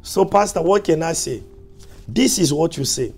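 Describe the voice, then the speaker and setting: A male pastor preaching a sermon, repeating his points with emphasis and dropping to soft, low asides. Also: animated, moderate pace, gravelly, slightly rough, soft background music.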